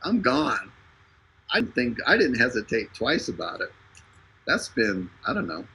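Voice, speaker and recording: A man hosts a live stream with a gravelly, raspy voice and a forceful, bright tone. He delivers a casual, joking sales pitch that is full of fillers and restarts. He speaks over an internet connection. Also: very animated, normal speed, poor audio.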